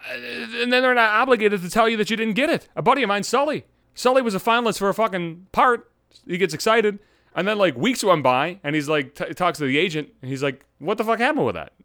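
A man's voice: high-pitched, quick pace, bright, forceful tone, no room sound. A man hosting his own podcast as a voice actor, ranting in a profane, exasperated monologue that keeps escalating, recorded on a studio podcast mic.

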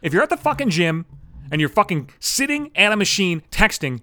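A man in his thirties hosting a solo podcast, ranting with constant swearing in an animated, irritated way. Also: high voice, a little fast, no echo, clean studio sound. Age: 30s. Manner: foul-mouthed, animated ranting. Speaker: podcast host. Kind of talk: profane solo podcast rant.

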